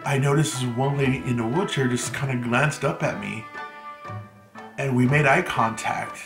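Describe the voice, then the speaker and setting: A man's voice: medium pitch, steady tone, moderate pace, gravelly. A man with Mexican roots telling a story from his teen years in a casual storytime vlog, chatting loosely with lots of "like". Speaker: vlogger. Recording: echoey room with music behind. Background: background music.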